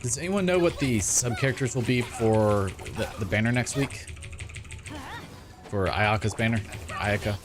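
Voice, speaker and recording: A man's voice: mid-range voice, moderate pace. A man chatting casually while streaming a video game, rambling and self-deprecating. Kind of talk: casual gaming stream chat.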